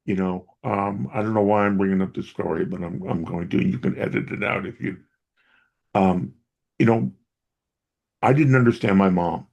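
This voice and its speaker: This middle-aged guest, who works with dementia caregivers, tells personal family stories in an earnest, reflective conversation. His low voice is creaky and a little mellow at normal speed, and the audio lacks high frequencies.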